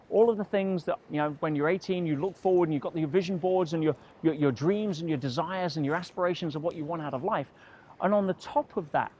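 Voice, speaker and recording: A man's voice: a little high, slight background noise. A man, a motivational speaker, telling a personal story to camera and acting out the dialogue in quoted voices. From England.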